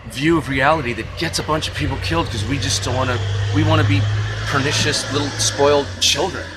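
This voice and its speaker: A man's voice: medium pitch, noisy background. A man vlogging a casual, rambling rant with a sarcastic, wry manner.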